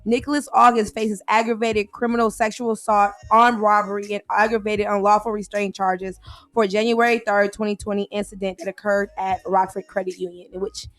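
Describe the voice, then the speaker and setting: A radio co-host who reads news items and then chats plainly with quick back-and-forth replies. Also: medium pitch, level tone, a bit bright, no echo. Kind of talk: reading news items, then casual talk radio chat.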